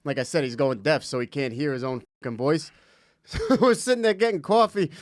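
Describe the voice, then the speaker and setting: A man's voice: on the high side, brisk, no room sound, clean studio sound. A man guesting on a comedy podcast, telling profane stories in casual chat. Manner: profane, storytelling, laughs often. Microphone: podcast studio mic.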